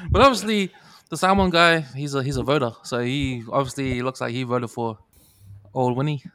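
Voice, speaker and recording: A man's voice: medium pitch, measured pace, pauses often, a bit bright. A man with a New Zealand accent, co-hosting a podcast, chatty and steering the talk to the next topic. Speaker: podcast co-host. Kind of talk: casual chat.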